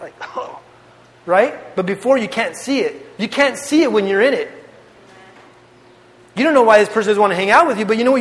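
A young man giving a casual, animated testimony to a youth group, telling his story with slang. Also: high voice. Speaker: youth speaker. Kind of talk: testimony sermon. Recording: long hall reverb.

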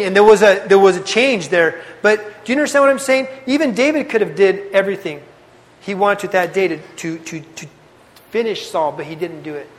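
A man delivers a youth sermon in an earnest, conversational way, looping back on his phrases for emphasis. His voice sits high. The sound carries a long reverb from a large hall. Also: a little fast. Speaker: youth pastor.

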